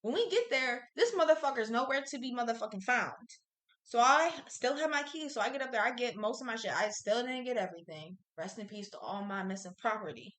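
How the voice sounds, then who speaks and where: High, bright woman swearing through a story. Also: lively intonation, fairly quick. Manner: profane, blunt storytelling. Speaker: podcast co-host. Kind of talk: casual storytelling chat. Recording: echoey room.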